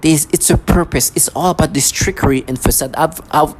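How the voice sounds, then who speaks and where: A woman vlogger with a deep voice talks a little fast in a heated rant to camera. She's agitated and repetitive, tossing in sarcastic asides and constantly stumbling and restarting.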